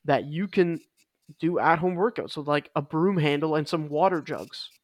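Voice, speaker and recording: A man's voice: fairly high pitch, normal speed, no echo, clean studio sound. A man co-hosting a casual fitness podcast, talking with emphasis and repeating his key points. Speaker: podcast co-host.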